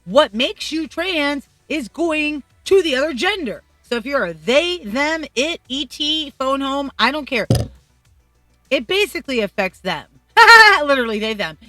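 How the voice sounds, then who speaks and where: A woman's voice: high-pitched, bright, forceful tone, no room sound. A middle-aged woman from Colombia, vlogging blunt, profane opinions in casual commentary. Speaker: YouTube vlogger.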